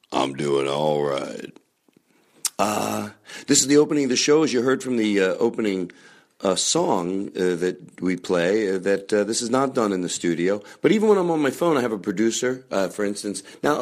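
A man hosting a comedy podcast, rambling through a chatty monologue with loud bursts of mock anger and frequent swearing. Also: on the low side. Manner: chatty, with many fillers and restarts. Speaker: podcast host.

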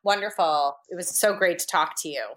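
A woman's voice: lowish voice, fairly quick, fairly bright tone. A woman co-hosting a podcast interview, thanking and wrapping up with the guest. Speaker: podcast co-host. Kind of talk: casual interview chat.

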